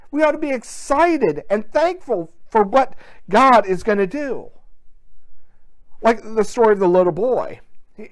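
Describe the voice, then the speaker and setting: A pastor giving a sermon to a church without its congregation gathered, telling a story with quoted dialogue in an earnest way. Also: medium pitch.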